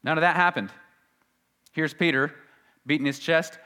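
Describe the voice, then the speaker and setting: A male pastor preaching a sermon, swinging between loud emphasis and quiet asides. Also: medium pitch, expressive, moderate pace, long pauses, smooth.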